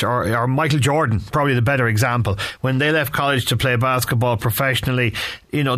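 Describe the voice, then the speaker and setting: A man hosts a relaxed radio sports conversation. He asks his guest curious questions in a rambling, easygoing way. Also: medium pitch. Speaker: radio host. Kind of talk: casual radio chat.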